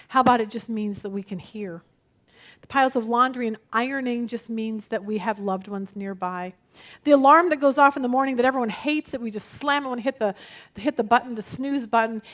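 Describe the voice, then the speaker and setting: Lady teaching bible study, high voice, lively, acts out quotes and laughs.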